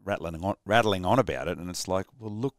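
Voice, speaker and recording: A man hosting a casual interview. He has a fairly low voice and asks easygoing questions. The recording is dry and close. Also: fast, no room sound. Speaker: podcast host.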